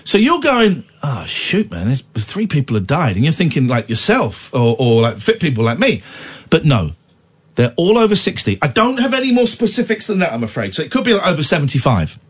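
A man's voice: on the high side, wildly swooping pitch, brisk, slightly rough. A man hosting late-night talk radio, tired with a cold, talking in a playful, mock-indignant way. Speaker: radio host.

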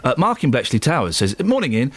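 A man's voice: mid-range voice, wildly swooping pitch, fast, dry recording. A man hosting a radio show, chatting in a playful, self-mocking way from a studio. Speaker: radio host. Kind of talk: casual radio chat.

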